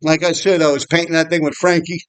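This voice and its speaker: A man's voice: on the high side, level tone, fast talker, a bit bright, smooth, no room sound. A middle-aged man telling old graffiti stories in a rambling, profane, laughing way. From New York City. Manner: swears a lot, rambling, laughs often. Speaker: graffiti writer vlogger. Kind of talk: casual storytelling. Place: outdoors on a walking path.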